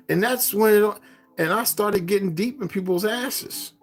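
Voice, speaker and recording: A man's voice: high-pitched, a little fast. A man hosting a casual livestream, rambling and profane, laughing often as he talks. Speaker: livestream host.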